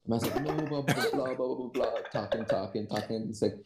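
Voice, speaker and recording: A man telling work stories in a calm, unbothered, slangy way. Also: mid-range voice, a little fast, echoey room, a loud crowd, low-quality recording. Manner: laid-back, unbothered, slangy storytelling. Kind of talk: casual chat.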